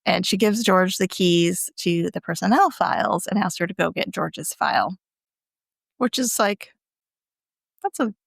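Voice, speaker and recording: A woman's voice: lowish voice, animated, a little slow, creaky, breathy edge, no room sound, clean studio sound. A woman casually recapping a TV episode on a podcast, chatty and often laughing as she acts out the lines. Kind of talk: casual chat, recapping a show.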